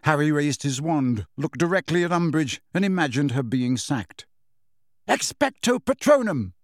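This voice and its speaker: A man narrating a storybook in a steady, measured reading voice. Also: on the high side, no room sound, studio quality. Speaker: audiobook narrator.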